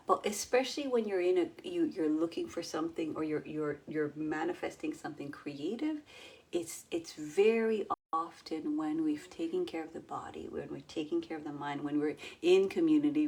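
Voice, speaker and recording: A middle-aged woman coaching her audience in a lively way, acting out inner voices and dropping to near whispers. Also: fairly low pitch. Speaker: yoga and mindset coach. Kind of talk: coaching talk to an online audience.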